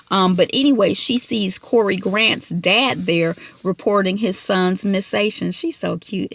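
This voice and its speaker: A woman's voice: medium pitch, unhurried, gravelly, hardly any pauses, fairly bright tone, dry recording. A woman recording a casual TV episode recap from inside her car, telling it in a chatty way with lots of asides. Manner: chatty, filler-heavy storytelling with asides. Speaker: TV recap vlogger.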